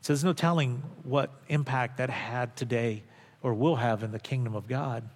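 A man's voice: mid-range voice, moderate pace, darkish tone, in a large hall. A male pastor preaching a sermon, earnest and emphatic, repeating phrases for stress. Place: church sanctuary.

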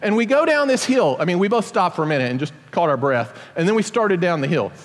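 A middle-aged father telling a personal story to an audience in an animated, self-deprecating way. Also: high voice, quick pace, big-room sound.

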